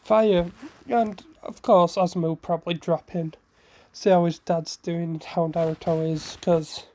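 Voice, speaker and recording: Slow, rambling male storyteller. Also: high voice, darkish tone. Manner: unhurried, rambling, self-correcting. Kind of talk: casual fan-fiction retelling.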